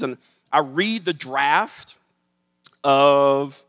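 A man telling a story to an audience in an expressive, animated way, acting out the people in it. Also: medium pitch, unhurried. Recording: long hall reverb.

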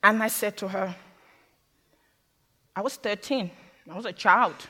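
A woman's voice: medium pitch, measured pace, sharp tone, slightly rough. A woman from Africa telling her own story in a candid, wry talk, slipping into the voices of others. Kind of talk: personal storytelling talk with humor. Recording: long hall reverb.

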